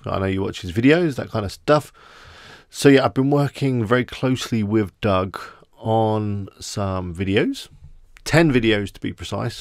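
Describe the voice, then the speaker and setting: A man's voice: on the low side, vocal fry, no room sound, studio quality. An Englishman hosting a casual live stream, chatting with viewers and greeting them by name. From England.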